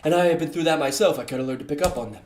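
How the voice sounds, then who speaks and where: Casting: timid bookish teen girl, a man doing her, low and hushed, roomy sound. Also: racing, slight background noise, natural voice. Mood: earnest.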